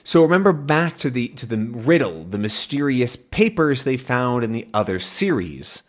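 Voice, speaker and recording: Animated man teaching from a comic. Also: mid-range voice. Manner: slow, clear and animated. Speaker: English teacher. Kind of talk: explaining a comic for learners.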